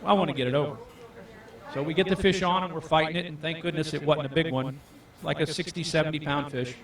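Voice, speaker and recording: A man with a fairly high voice tells fishing stories to a live audience with plenty of energy. He acts out each person's lines as he goes. His voice echoes around the room and sounds as if it comes from well away from the microphone. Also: steady tone, quick pace. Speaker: fishing guide. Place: event hall. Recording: echoey room, far from the mic.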